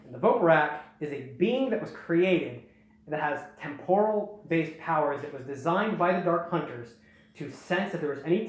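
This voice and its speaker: A young man hosting, casually recapping a story in a rambling way and slipping into quick snippets of character dialogue. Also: fairly high pitch. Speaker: host. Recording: very echoey room.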